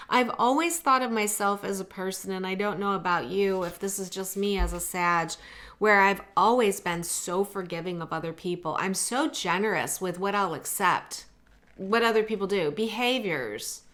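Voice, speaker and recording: A middle-aged woman talks through an oracle card reading in a relaxed, chatty way. She reads passages aloud from a guidebook and breaks off into heartfelt personal asides. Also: mid-range voice. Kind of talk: casual tarot-style reading to camera.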